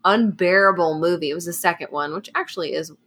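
A woman's voice: lowish voice, fast, fairly bright tone, breathy edge. A woman co-hosting a podcast in casual chat, telling stories and teasing her co-hosts. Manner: chatty, storytelling, playful teasing. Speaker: podcast co-host.

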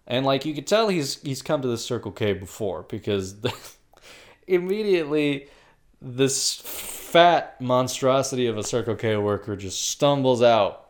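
A man's voice: mid-range voice, lively intonation, unhurried. A young man in casual podcast chat, telling profane, crude stories and laughing at his own jokes.

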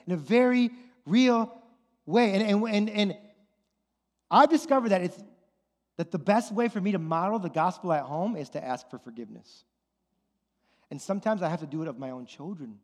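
A man in his thirties preaching a sermon to parents, casual and conversational, often repeating his phrases. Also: on the high side. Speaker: pastor. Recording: long hall reverb with loud music underneath.

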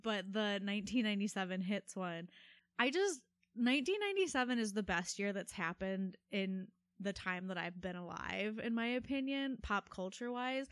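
A woman's voice: mid-range voice, moderate pace, a bit bright, dry recording. A woman in her thirties co-hosts a casual podcast chat, rambling along with lots of "like" as she talks. Her voice sits in a middling register, and the mic is dry and close with no room sound. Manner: chatty and rambling, lots of filler "like". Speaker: podcast co-host.

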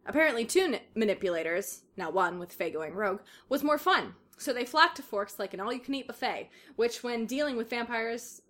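A woman's voice: a little high, animated, a little fast, hardly any pauses, a bit bright. A woman reads a story aloud on a laid-back comedy podcast. Her delivery is dramatic, and she often breaks into laughter. Between passages she chats casually. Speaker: podcast co-host reading fan fiction aloud. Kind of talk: casual comedic reading and chat.

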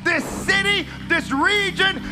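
A man's voice: very high voice, slow, over music. A male preacher delivering a revival sermon in church, calling out and repeating phrases. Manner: calls out, repeats phrases, drops to casual aside. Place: church service with band.

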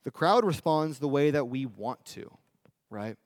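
A male preacher giving a sermon in a conversational style, often asking the audience "right?" and slowing down for emphasis. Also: medium pitch, expressive, no echo, studio quality. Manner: conversational, with tag questions and emphatic slowdowns.

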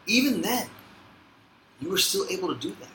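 Reflective podcast host, bright voice. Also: male voice, high-pitched, very animated, normal speed. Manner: reflective, encouraging. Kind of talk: casual interview. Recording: echoey room, faint noise.

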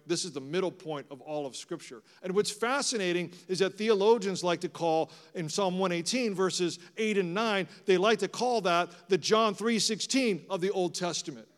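A middle-aged male pastor giving a sermon, moving between loud proclamation and hushed, intimate passages. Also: sits high, moderate pace. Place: church sanctuary. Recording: long hall reverb.

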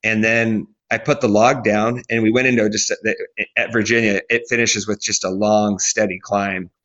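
A man in his forties from Alaska, a guest athlete telling his story in a podcast interview, animated, acting out quotes and restarting often. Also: on the low side, moderate pace, dull audio. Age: 40s.

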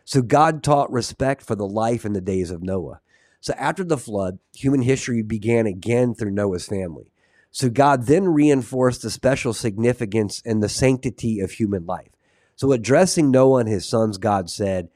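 A man's voice: on the low side, moderate pace, darkish tone, no echo, studio quality. A man hosting a Christian podcast, reading scripture aloud and preaching in a casual, fervent way, with asides to his chat. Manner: earnest, reads verses aloud, drifts into asides to chat viewers; fillers and restarts, fervent and condemning tone.

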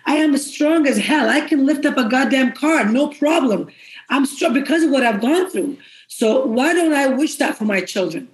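A woman's voice: high voice, lively intonation, moderate pace. Woman, middle-aged, mother, heartfelt, blunt, echoey room. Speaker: guest, mother. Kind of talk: emotional casual chat.

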